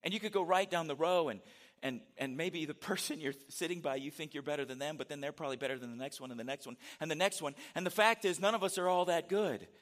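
A man's voice: on the high side, fast talker, fairly bright tone. Conversational man preaching a sermon. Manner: conversational, rhetorical questions, dramatic read-aloud inflection. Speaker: pastor.

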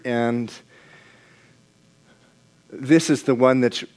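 Male preacher, mid-range voice, talks the sermon through casually and asks the congregation questions. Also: medium pitch. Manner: conversational, questions the congregation, repeats words and restarts.

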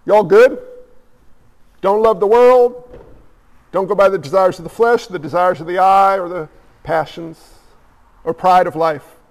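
A man's voice: sits high, unhurried, long pauses. A male pastor preaching a conversational sermon, firing off rhetorical questions and repeating phrases for emphasis. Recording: reverberant hall.

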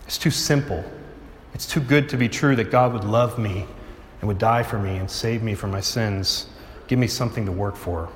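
A young man preaching a sermon, swinging from urgent, rising pleas down to low, soft appeals. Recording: echoey hall.

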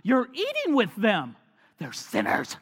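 A man preaches a sermon in a fairly high voice, rising to loud emphatic points and then dropping to quiet, almost whispered lines. His voice rings out in a big hall with a long, lingering reverb. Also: huge pitch swings, takes it slowly, slightly rough. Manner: dynamic, swings from loud emphasis to hushed near-whispers. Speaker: pastor.

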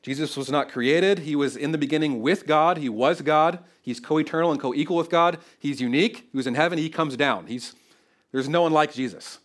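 A man preaching an expository sermon in an animated, conversational way, often checking in with the congregation. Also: a little high, moderate pace. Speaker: pastor.

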